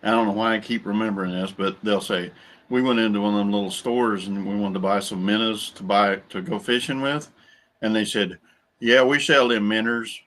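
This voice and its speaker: A man's voice: on the low side, fairly even intonation, a little fast. A man visiting as a guest on a casual livestream, telling folksy jokes and stories. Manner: folksy joke-teller.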